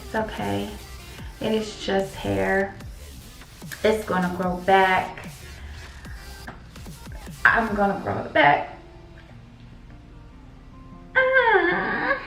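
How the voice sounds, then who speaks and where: A woman's voice: mid-range voice, flat delivery, slow, creaky, pauses often, fairly bright tone, recorded from a distance. A woman chatting casually to her viewers in a hair tutorial vlog, calling them y'all. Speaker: beauty vlogger. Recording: echoey room with faint music.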